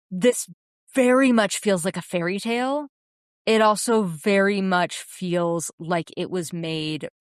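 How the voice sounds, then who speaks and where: A woman's voice: mid-range voice, dry recording, studio quality. Earnest woman chatting about films. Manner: enthusiastic, earnest, full of restarts. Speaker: podcast co-host. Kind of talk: casual film discussion.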